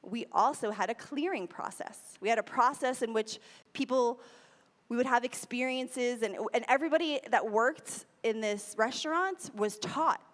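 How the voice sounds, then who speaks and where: A woman's voice: fairly high pitch, normal speed, fairly bright tone. American woman speaker, casual sermon delivery with repeated phrases, recorded in a reverberant hall. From United States. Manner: conversational, repeats key phrases for emphasis. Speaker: speaker at a spiritual center. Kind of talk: sermon talk.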